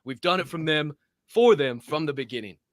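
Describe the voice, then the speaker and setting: A man co-hosting a podcast, ranting with passion and lots of swearing, his voice swinging from loud bursts to low mutters. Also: lively intonation, moderate pace, no echo, clean studio sound. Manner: profane, heated, swings loud and soft. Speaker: podcast co-host. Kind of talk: fired-up motivational rant.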